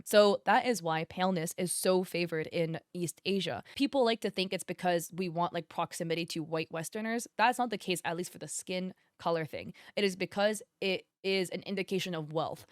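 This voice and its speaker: A woman's voice: lowish voice, no echo, studio quality. A woman giving drama commentary, blunt and exasperated, who swears freely and explains at length. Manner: explains at length, rising emphasis. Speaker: commentary youtuber.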